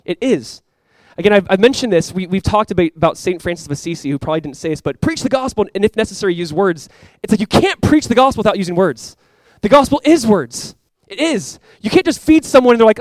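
A young man preaching a sermon to his church in a casual, conversational way, with sudden loud bursts and quiet asides. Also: sits high, expressive, quick pace, no echo. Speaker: pastor.

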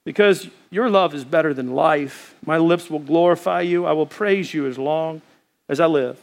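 A man preaching a sermon in a church as pastor, telling a story with lively acted-out dialogue. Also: on the high side, moderate pace, vocal fry. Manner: animated storytelling, acting out dialogue.

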